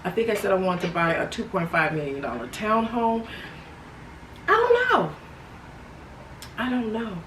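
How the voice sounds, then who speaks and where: A woman's voice: mid-range voice, animated, fairly quick, hardly any pauses. Chatty woman vlogging in an echoey room. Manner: chatty, warm-hearted, laughs often, calls viewers honey and sweetie. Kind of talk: casual reflective vlog talk. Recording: roomy echo, distant from mic, faint background noise.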